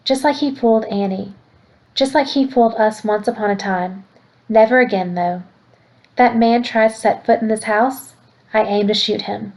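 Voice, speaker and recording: A woman's voice: fairly high pitch, normal speed, close to an everyday voice. A woman reading aloud, voicing a stubborn old grandfather who is an army veteran. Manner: quiet, gruff, stubborn.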